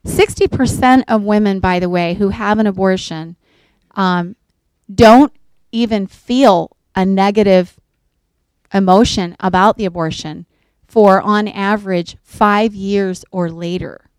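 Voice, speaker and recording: A woman's voice: mid-range voice, unhurried, a little mellow, clear, resonant tone, no echo. A middle-aged woman giving an earnest faith-based talk to a group, telling a counseling story and acting out the voices of the people in it. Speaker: pregnancy center counselor speaking to a group.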